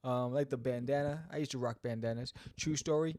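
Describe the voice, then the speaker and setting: A man hosting a podcast, reviewing a comic in a casual, animated way full of joking asides. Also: mid-range voice, brisk, no room sound, clean studio sound.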